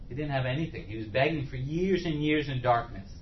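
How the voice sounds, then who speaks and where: A man's voice: mid-range voice, animated, fairly quick, muffled recording, a little hiss or hum. A man preaching a sermon in a conversational way, often asking rhetorical questions.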